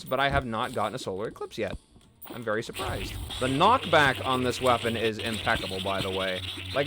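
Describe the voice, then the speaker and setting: A man's voice: medium pitch, a bit bright, slight background noise. A young man casually commenting on the video game he is playing, chatty and rambling as he goes. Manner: rambling, chatty, self-deprecating. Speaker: gaming let's play host.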